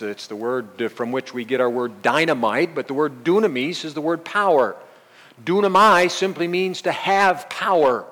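A man's voice: on the high side, a bit bright, in a large hall. A man preaching a verse-by-verse sermon, teaching earnestly and emphatically, repeating key phrases. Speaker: pastor.

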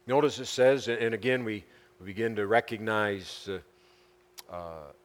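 A man teaching a Bible passage as a pastor, halting and repeating words, rising to urgent emphasis. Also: on the low side. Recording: long hall reverb.

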